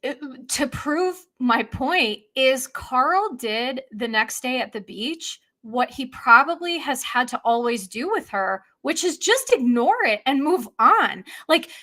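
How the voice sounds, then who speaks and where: Bright, high-voiced woman therapist. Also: expressive, slow pace, few pauses. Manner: analytical, emphatic. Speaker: therapist guest. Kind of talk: casual podcast chat.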